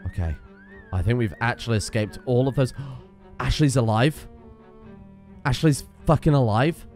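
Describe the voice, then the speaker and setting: Excitable man yelling at his game. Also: mid-range voice, unhurried, faint music behind. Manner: excitable, swears often, yells at teammates. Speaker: gaming video host. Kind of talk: casual let's play commentary.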